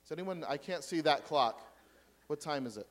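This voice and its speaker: A man delivers a sermon in a church hall. His voice sits a little high for a man. He drives his points home with force, then drops to quiet asides and questions to the congregation. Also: moderate pace. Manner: lively preaching, dropping to quiet asides and rhetorical questions. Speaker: pastor.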